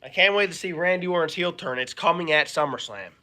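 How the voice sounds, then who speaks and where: A young man co-hosting a casual podcast, animated and doing impressions. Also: a little high, fast, noisy background. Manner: animated, does voices and shouts. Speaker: podcast co-host. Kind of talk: casual chat.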